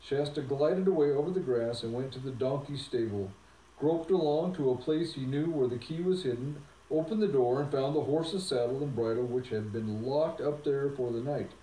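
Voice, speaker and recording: A man reads a children's novel aloud in a calm, even way. His tone is warm and mellow. The room sounds roomy and he sits back from the mic. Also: mid-range voice, moderate pace, distant mic. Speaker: narrator. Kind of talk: audiobook reading of a novel.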